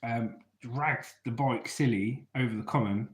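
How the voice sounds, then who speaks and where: A man spins stories in a chatty, laddish voice and swears freely. His pitch sits in the middle of the usual range. The room around him is noticeably echoey. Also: unhurried. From England. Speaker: storyteller host. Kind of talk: casual storytelling.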